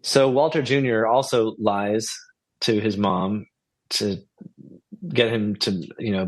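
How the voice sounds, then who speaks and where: A podcast co-host with a voice on the low side casually muses through a TV episode recap, rambling and asking questions. There's no room sound.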